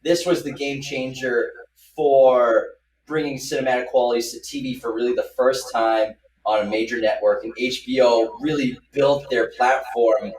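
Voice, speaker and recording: A man's voice: mid-range voice, steady tone, moderate pace, darkish tone. A man in his thirties hosting a podcast, talking casually and enthusiastically, laughing often. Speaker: podcast host. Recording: echoey room, distant mic, faint noise.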